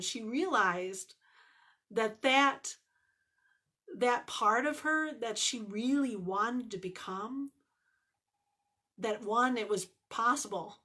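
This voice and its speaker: A woman's voice: on the high side, pushed and bright. A woman life coach talking straight to the camera in an earnest, emphatic way, repeating phrases for emphasis. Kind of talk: direct-to-camera vlog talk.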